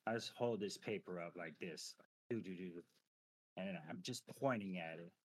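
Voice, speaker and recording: A man in his thirties, a veteran guest on a podcast, telling a personal story in casual chat, profane and animated, full of filler phrases. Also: sits low, moderate pace.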